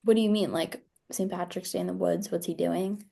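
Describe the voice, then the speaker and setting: A young woman co-hosting a casual podcast, asking deadpan follow-up questions and laughing easily. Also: fairly low pitch, brisk, creaky, husky. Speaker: podcast co-host. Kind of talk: casual comedic chat.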